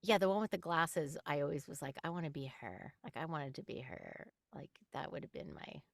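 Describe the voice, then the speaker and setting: Chatty low-voiced woman laughing easily. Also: fairly quick, vocal fry, no room sound, studio quality. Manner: animated, chatty, laughs often. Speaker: voice actress guest. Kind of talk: casual interview chat.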